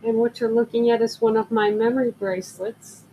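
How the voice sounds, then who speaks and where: A woman's voice: on the high side, little pitch movement, a little fast, dark tone, a little hiss or hum, low-quality recording. An older woman selling jewelry on a live stream, telling rambling stories and greeting viewers as they drop in. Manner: chatty, rambling storyteller who greets viewers. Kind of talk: casual live-stream chat.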